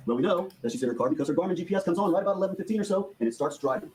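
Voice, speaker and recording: A man delivering a prosecutor's opening statement in court, laying out evidence to a jury and briskly acting out the quoted dialogue. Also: high-pitched, expressive, heavy background noise.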